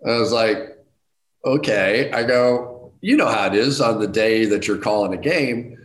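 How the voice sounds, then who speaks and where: A middle-aged man telling a casual anecdote as a guest, self-deprecating and animated, jumping to high excited outbursts. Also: unhurried. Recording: roomy echo.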